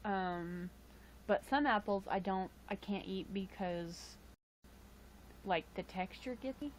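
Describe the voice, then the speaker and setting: Chatting slowly with her live-stream audience through a webcam mic, a weary woman rambles along, chuckling often and using lots of fillers. Her voice is mid-range, and a little background noise is audible.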